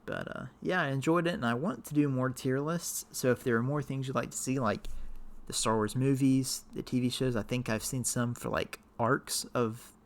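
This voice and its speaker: A man's voice: mid-range voice, steady tone, moderate pace. A man casually talking through his character rankings, hesitant and full of fillers, tired and a little worn out. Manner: rambling, hesitant, many fillers. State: tired, voice wearing out. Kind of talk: casual talk to camera.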